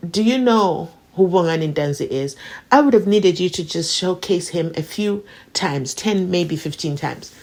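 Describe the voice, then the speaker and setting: Animated woman vlogger. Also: fairly low pitch. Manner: animated, theatrical, swings between loud bursts and hushed asides. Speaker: commentary channel host. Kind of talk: casual vlog commentary on a court trial.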